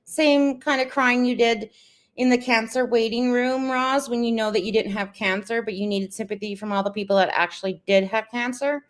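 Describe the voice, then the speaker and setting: A woman's voice: on the high side, fairly even intonation, normal speed. A woman co-host making teasing, sarcastic remarks in casual chat.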